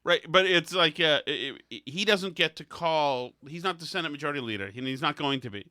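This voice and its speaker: Sharp-voiced sardonic man host. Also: a little high, a little fast, no room sound, studio quality. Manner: wry, sardonic, interrupting. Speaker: podcast host. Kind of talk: casual political chat.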